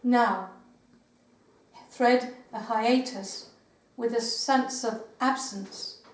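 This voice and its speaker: An older woman poet giving a live poetry reading in a meeting house, with measured recitation and hesitant spoken asides. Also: on the high side, steady tone. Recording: roomy live recording from far off.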